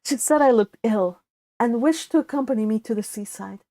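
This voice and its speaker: A young woman with a Spanish accent reading a classic novel aloud, unhurried and steady, now and then stopping for a casual aside or to correct herself. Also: fairly high pitch. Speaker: audiobook reader.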